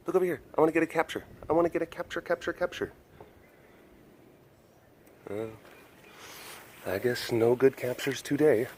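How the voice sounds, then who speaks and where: Chatty man with a lively, bouncy voice. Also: on the high side, slightly rough. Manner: chatty, with affectionate baby talk to the cats. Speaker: animal sanctuary webcast host. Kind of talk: casual walking vlog. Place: outdoors at a big cat compound.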